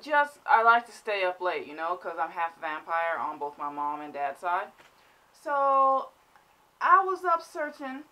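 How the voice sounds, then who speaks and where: A woman's voice: fairly low pitch, very animated, unhurried, pushed and bright. A woman vlogger telling a comic story in an exaggerated, mock-dramatic way. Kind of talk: comedic storytelling vlog.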